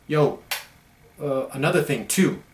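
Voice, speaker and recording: A man's voice: on the high side, expressive, measured pace. A young man talking blunt, profane and emphatic in a casual monologue as a podcast host. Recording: echoey room.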